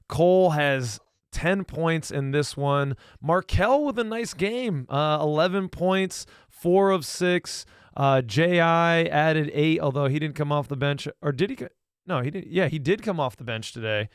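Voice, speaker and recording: A man co-hosting a casual sports podcast, talking as an enthusiastic, excited fan. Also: a little high, clean tone, no room sound, studio quality. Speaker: podcast co-host.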